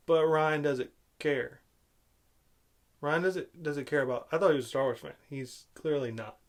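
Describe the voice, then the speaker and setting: Sarcastic, exasperated ranting vlogger. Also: medium pitch. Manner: sarcastic, exasperated, rhetorical questions. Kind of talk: angry film-review rant.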